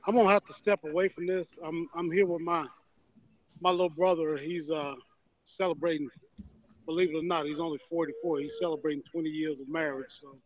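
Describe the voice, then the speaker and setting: A man's voice: on the high side, fairly even intonation, brisk. A man in casual chat on a discussion call, loose and laughing as he jokes around. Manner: loose and laughing, joking with his brother. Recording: dull lo-fi dry sound.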